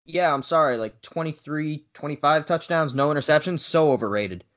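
A man co-hosting a casual sports podcast, quick to argue and needle the others. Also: fairly high pitch, fairly bright tone. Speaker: podcast co-host. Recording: dull lo-fi podcast audio.

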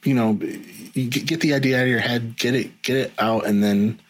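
Husky middle-aged man, rambling chat. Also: medium pitch, steady tone, fairly quick, rough recording. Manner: rambling, many ums and restarts. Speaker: guest, video editor. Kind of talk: casual podcast conversation.

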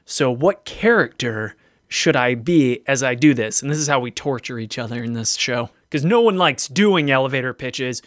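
A man's voice: mid-range voice, expressive, normal speed, a bit bright, no echo, studio quality. A man co-hosting a podcast, joking and teasing in casual chat. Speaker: podcast co-host.

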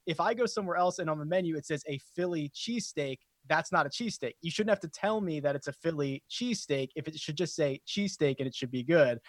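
A man from Philadelphia makes his case on a golf podcast in a slightly higher voice. He is wry and offhand. The recording is dry. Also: expressive, quick pace, few pauses, no echo. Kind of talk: casual panel chat.

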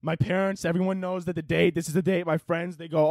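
A man's voice: high-pitched, steady tone, quick pace, darkish tone, no room sound, studio quality. A young man hosting a solo podcast, rambling casually and mocking himself, swearing as he goes. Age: young adult. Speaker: podcast host.

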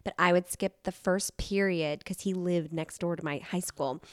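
A young woman telling a candid personal story on a podcast, animated and self-deprecating, with many restarts. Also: on the low side, normal speed, dry recording, clean studio sound. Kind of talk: casual storytelling chat.

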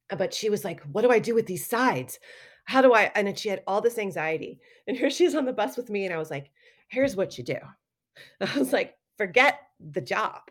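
Woman, middle-aged, low-pitched, animated storyteller, casual interview talk. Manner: animated, acts out quotes with laughs. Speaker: guest artist and educator.

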